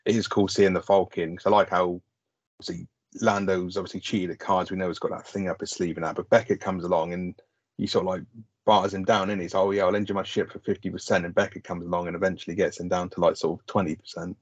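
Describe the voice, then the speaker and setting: Male co-host, husky, dry-miked, dull lo-fi sound, rambling casual chat. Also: low voice, level tone, quick pace, no echo. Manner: rambling, sweary, lots of "like". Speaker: podcast co-host. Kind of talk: casual film review chat.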